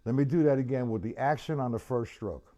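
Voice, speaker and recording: A man's voice: mid-range voice, fairly quick, very noisy. A man teaching a live-streamed drum lesson, chatty and loose, counting beats aloud while he plays. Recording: loud drum kit playing behind voice. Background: drum kit playing.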